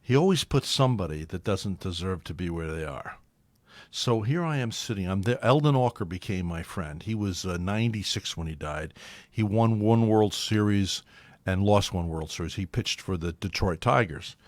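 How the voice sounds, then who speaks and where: On a dry recording, a man's voice sits low and moves at normal speed. The local talk radio host tells a rambling anecdote in casual conversation, animated as he imitates the other people involved.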